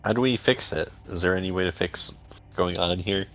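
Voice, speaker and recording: A man's voice: low-pitched, fairly quick, a bit bright, dull audio. A man playing in a tabletop game, describing his character and asking questions casually. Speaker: player.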